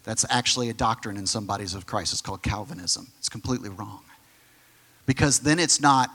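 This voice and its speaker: A male pastor preaching a sermon, emphatic and conversational, who sometimes drops to a soft near-whisper on key phrases. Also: fairly low pitch, a little fast. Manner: direct, conversational asides to the congregation.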